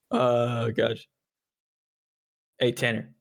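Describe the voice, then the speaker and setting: A man co-hosts an anime podcast in loose, joking chat. His pitch swings widely as he teases his friend and swears offhandedly. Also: creaky, breathy edge. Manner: animated, joking, swears casually. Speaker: podcast co-host. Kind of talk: casual chat.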